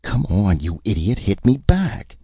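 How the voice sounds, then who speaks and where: A man playing a gruff, desperate male space trader in armor, barking urgent lines in a dry, lo-fi recording. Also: sits low, sing-song, unhurried, dark tone, no room sound, pitched above the performer's own voice, exaggerated voice. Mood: rough brawling.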